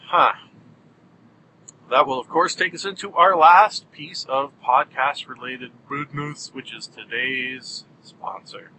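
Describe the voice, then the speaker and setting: A man's voice: medium pitch, slow, bright, forceful tone, a little hiss or hum, rough recording. A man hosting a solo podcast in a jokey, self-mocking way with bursts of mock outrage. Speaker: podcast host.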